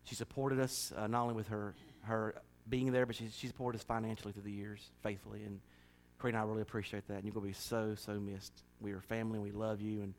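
A man's voice: fairly low pitch, little pitch movement, quick pace, hardly any pauses. A man preaching and making church announcements in a folksy, joking, chatty way. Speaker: pastor.

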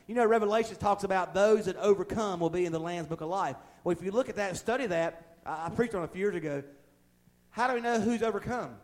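A man preaching a fervent sermon in a church. He talks in a folksy, plain-spoken way with humorous asides, and his delivery swells from quiet passages to loud ones. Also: high voice, expressive, a little fast. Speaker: pastor.

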